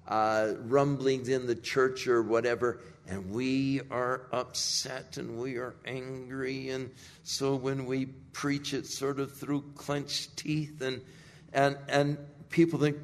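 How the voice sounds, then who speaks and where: A man preaching a sermon, telling the scripture story in a deliberate, emphatic way. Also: medium pitch. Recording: echoey hall.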